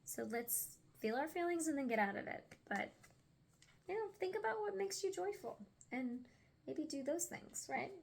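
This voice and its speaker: A woman's voice: sits high, creaky, a little hiss or hum. Chatty young woman reading tarot cards. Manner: chatty and unpolished, stumbles over words, drops into whispers. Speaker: tarot card reader. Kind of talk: casual card reading vlog.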